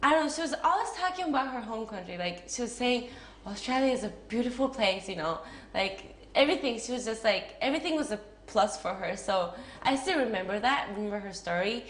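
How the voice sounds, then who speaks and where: A young woman with a Japanese accent chats through interview answers in a slightly high voice, giggling and leaning on filler words. The room around her is echoey, with a faint hiss of background noise. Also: lively intonation, brisk, hardly any pauses, a bit bright. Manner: chatty, giggly, many fillers like "like". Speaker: interviewee, actress.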